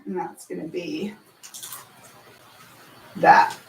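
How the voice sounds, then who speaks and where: A woman pitching her musical in casual chat, breaking into sung and chanted lyrics. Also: steady tone, drawn-out words, darkish tone, recorded from a distance, a little hiss or hum. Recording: roomy, from off mic.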